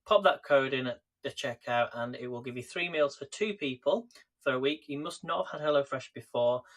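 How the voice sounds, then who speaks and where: A man's voice: medium pitch, brisk, a bit bright. A man hosting a live cooking stream, chatting casually and greeting viewers by name, recorded in a home kitchen on a camera set on a tripod.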